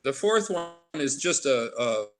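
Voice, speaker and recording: A man in his sixties from Alaska talks at a middle pitch in a loose, meandering interview manner. He wanders off on tangents and restarts his sentences as he goes. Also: very animated, a little slow, fairly bright tone. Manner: rambling, drifts into tangents. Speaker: artist interviewee. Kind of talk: casual interview.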